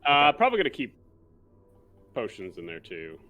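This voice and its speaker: A man playing a tabletop game, speaking in a hesitant, halting way. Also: mid-range voice, huge pitch swings, narrow, tinny audio. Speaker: player.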